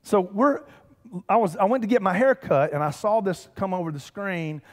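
A man, preaching a lively, conversational sermon with humor and calls to the congregation. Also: high voice, moderate pace. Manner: animated, conversational preaching with humor and audience call-outs. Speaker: pastor. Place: church sanctuary. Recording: church hall reverb.

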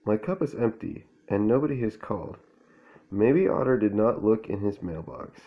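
A man's voice: fairly low pitch, animated, moderate pace, phone-quality sound. A man reading the lines of an eager, anxious young porcupine in a storybook. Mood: fretful.

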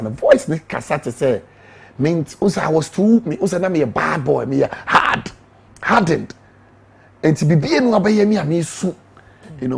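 A middle-aged Ghanaian-accented evangelist, appearing as an interview guest, gives an emotional testimony, switching between English and Twi as he shares his story. His voice sits on the high side, slightly rough, with vocal fry.

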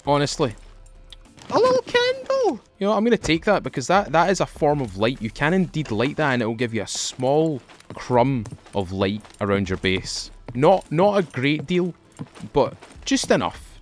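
A Scottish man playing a survival game, chatting playfully with viewers and joking as he plays. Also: medium pitch. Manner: jokey, excitable, talks to viewers. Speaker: gaming video host. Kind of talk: playful let's-play commentary.

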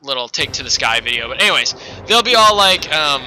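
A man's voice: a little high, very animated, a little fast, sharp tone, a little hiss or hum, poor audio. A man giving casual let's play commentary, rambling and correcting himself as he chats. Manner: rambling, self-correcting, chatty.

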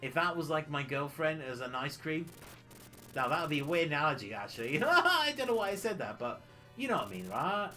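A man's voice: a little high, very animated, brisk, pushed and bright, soft background music. A man streaming a retro game, rambling cheekily and laughing often. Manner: giggly, rambling, cheeky banter with frequent laughs. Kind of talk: casual livestream chat while playing.

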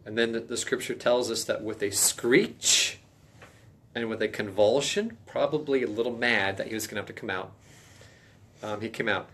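A man teaching a casual Bible study in a folksy, emphatic way, now and then stressing phrases loudly. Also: fairly low pitch, normal speed.

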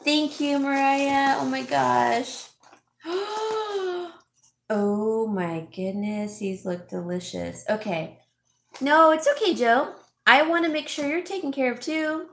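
A middle-aged woman hosting a casual haul vlog, chatting warmly and thanking viewers by name as she opens gifts. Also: high-pitched, a little slow. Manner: chatty, gushing, reads viewer names aloud. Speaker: vlog host, home stager. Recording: roomy echo, faint background noise.

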